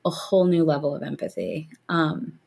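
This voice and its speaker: A woman's voice: low voice, big pitch swings, moderate pace, vocal fry, a little mellow, a little hiss or hum. A woman co-hosting a podcast in casual chat, talking loosely with many fillers and frequent laughter. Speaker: podcast co-host.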